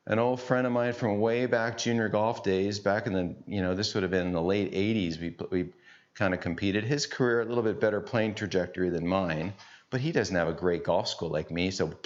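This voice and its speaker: A middle-aged man teaching golf, chatty and folksy with joking asides. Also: lowish voice. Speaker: golf instructor. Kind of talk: on-course instruction. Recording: dull lo-fi sound.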